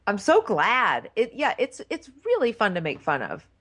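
A woman's voice: medium pitch, wildly swooping pitch, normal speed, fairly bright tone. A woman co-hosting a podcast, chatting casually and giving her opinions. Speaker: podcast co-host. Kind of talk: casual chat.

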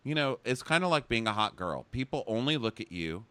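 A man's voice: medium pitch, very animated, a little fast, sharp tone, clean tone, no room sound. A man co-hosting a podcast, casually recapping a reality show in a gossipy, sardonic way and acting out quotes. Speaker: podcast co-host.

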